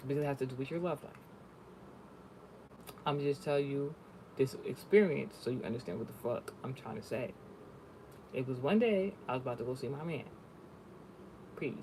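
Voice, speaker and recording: A man's voice: medium pitch, darkish tone, slight background noise. A man giving a spiritual reading in casual chat, talking bluntly and swearing freely as he tells stories. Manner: profane, blunt, storytelling. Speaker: spiritual reader.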